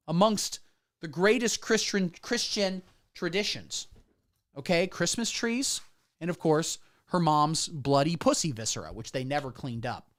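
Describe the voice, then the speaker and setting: A man's voice: on the high side, a little slow. A man rambling through a crude, absurd satirical story on a livestream, breaking off to read out chat comments. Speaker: comedian streamer.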